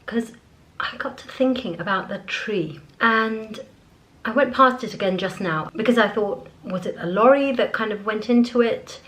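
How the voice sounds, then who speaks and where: A woman's voice: mid-range voice, normal speed, fairly bright tone, poor audio. A woman chatting to camera as a beauty vlogger, rambling on while she gets ready at home. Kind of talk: casual chat to camera. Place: at home, indoors.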